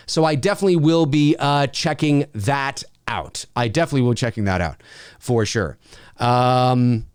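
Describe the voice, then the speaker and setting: A man hosting a casual live Q&A stream, reading out viewer questions and answering in a rambling, halting way full of fillers. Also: mid-range voice, smooth, dry recording, studio quality. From Canada. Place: home studio.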